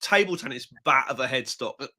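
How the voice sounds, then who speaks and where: A man's voice: mid-range voice, lively intonation, fairly quick, pushed and bright. A man co-hosting a live show with wry, theatrical quips. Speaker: co-host. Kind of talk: casual live show chat.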